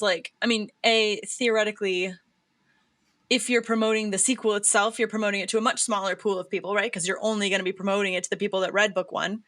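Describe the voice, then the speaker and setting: A woman's voice: medium pitch, fairly bright tone. A woman co-hosting a casual chat, talking about her year with many ums and laughs. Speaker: co-host and author.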